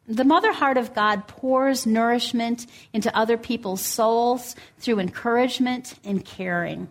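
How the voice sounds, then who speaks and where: A woman preaching a sermon, telling a story in a gentle, earnest way and reading scripture aloud. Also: fairly high pitch, a little slow.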